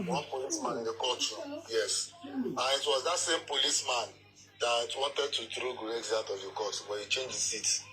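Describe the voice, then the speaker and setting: A man's voice: medium pitch, big pitch swings, normal speed, music in the background, poor audio. A man reporting casually as a caller, hesitant and with fillers.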